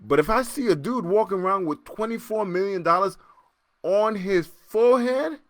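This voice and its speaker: A man hosting a casual solo podcast, joking and laughing as he reacts to listener comments, jumping between loud excited bursts and low muttering. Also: moderate pace, no echo. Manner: animated, joking, laughs often, repeats himself. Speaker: podcast host.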